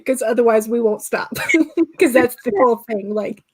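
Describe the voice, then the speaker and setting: A talkative woman from with a somewhat high voice. She keeps her casual chat light and jokey. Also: normal speed, a little mellow. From Georgia, USA. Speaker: guest writer on a livestream.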